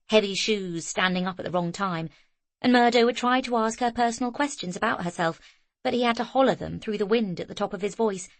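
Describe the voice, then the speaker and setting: A woman narrating a novel as an audiobook in a measured, even reading style. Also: lowish voice, no room sound.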